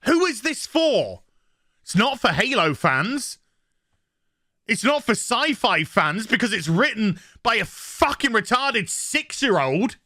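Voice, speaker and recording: Sweary man ranting, high and bright. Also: sing-song, slow pace, no echo, studio quality. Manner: angry, sweary, sarcastic ranting. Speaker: YouTube reviewer. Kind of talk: ranting review vlog.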